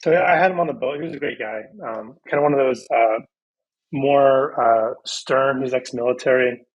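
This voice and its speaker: A man in his thirties, a podcast guest on a video call, telling his story in a lively, casual way and acting out past conversations. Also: mid-range voice, moderate pace, breathy edge, highs cut off.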